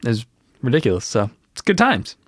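Deadpan, teasing man on a podcast. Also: medium pitch, moderate pace, no echo. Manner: dry, teasing humor and deadpan tall tales. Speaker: podcast co-host. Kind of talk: casual chat.

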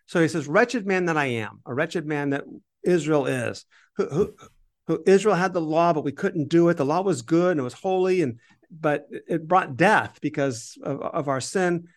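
A man with a slightly higher voice talks through a Bible passage in conversation. He keeps reading verses aloud with emphasis and stops to explain them, with some restarts along the way. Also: normal speed. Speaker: Bible podcast co-host.

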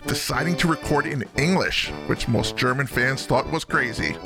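A man's voice: medium pitch, moderate pace. A man reading a scripted podcast intro in an upbeat, emphatic announcer style. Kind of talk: scripted show intro narration. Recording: music playing behind the voice.

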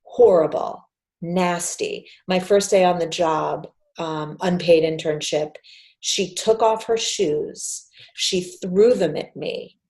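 Casting note: woman, forties, animated storyteller guest, slightly low voice. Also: slow. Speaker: podcast guest, PR agency founder. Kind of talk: casual storytelling interview.

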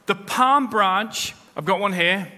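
A man's voice: high-pitched, takes it slowly, bright, forceful tone. A man preaching a sermon as pastor, with rising emphasis as he quotes scripture. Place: church. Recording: long hall reverb.

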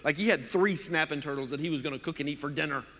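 Bright-voiced pastor in a reverberant hall. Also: male voice, fairly high pitch, quick pace. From Oklahoma. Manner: chatty, joking preacher with fillers. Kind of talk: sermon. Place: church.

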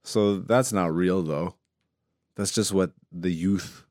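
A man hosting a casual comedy podcast, joking and quick to laugh. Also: deep voice, a little mellow, no echo, studio quality. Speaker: podcast host. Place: studio.

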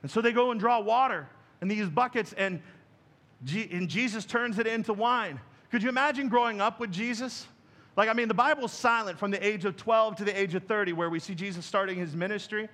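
A man's voice: high-pitched, brisk, fairly bright tone. A man preaching to his congregation in a conversational style, talking to them directly. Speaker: pastor. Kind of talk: sermon. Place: church.

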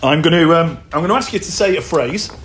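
A man's voice: on the high side, fast, background noise. A man hosting a pub quiz, teasing and playful, recorded in a pub. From Manchester. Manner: teasing, playful, lively delivery. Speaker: quiz host. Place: pub, indoors.

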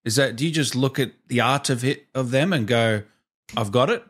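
A man's voice: mid-range voice, brisk, fairly bright tone. A man hosting a friendly, casual interview over a video call, often laughing along. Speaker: interviewer host.

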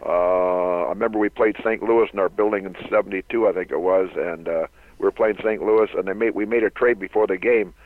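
A man's voice: low voice, steady tone, fairly quick. An older man from Canada, a former hockey player, telling long anecdotal stories as an interview guest, laughing often. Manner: rambling anecdotal storyteller who laughs often. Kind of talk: storytelling interview. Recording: tinny phone-line sound.

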